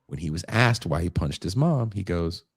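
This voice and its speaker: A man's voice: sits low, lively intonation, normal speed, breathy edge, no echo, studio quality. A man co-hosting a podcast, animatedly retelling a story in casual chat, swearing now and then. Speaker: podcast co-host.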